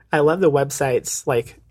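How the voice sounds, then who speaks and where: A man's voice: a little high, a little mellow, no room sound, studio quality. A man, a guest author, chatting casually on a podcast in a wry, laid-back way and laughing a lot.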